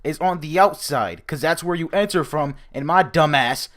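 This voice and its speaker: A young man vlogger telling a casual storytime, animated, profane and mocking himself. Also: on the high side, normal speed.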